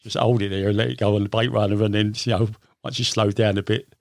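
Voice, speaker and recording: An older man from England tells his story in a loose, rambling way, leaning on lots of fillers. His voice sits a little low and has a gravelly edge. The sound is dry and close. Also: level tone, fast talker, no echo. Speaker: guest. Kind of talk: casual storytelling interview.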